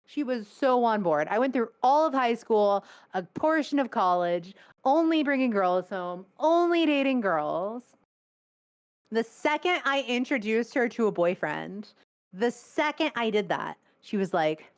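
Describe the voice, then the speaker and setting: A young adult woman, a guest on a video call interview, telling stories in a blunt, animated way and swearing freely. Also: medium pitch, moderate pace. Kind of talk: casual storytelling.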